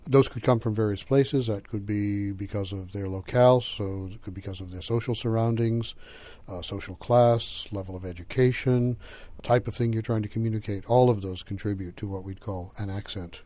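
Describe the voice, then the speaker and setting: A middle-aged linguistics professor from the Boston area, with a light Boston accent and a low, mellow voice, gives explanatory interview answers. He lectures at a measured pace with a steady tone, small fillers, and the odd chuckle, recorded dry and close with no echo.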